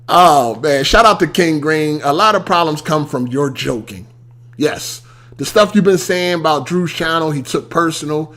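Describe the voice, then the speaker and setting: A young man with a high, bright voice goes off in a heated podcast rant. He swears freely, hammers the same points again and again, and fires off rhetorical questions. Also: moderate pace. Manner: animated, profane, repeats points for emphasis. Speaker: podcast host.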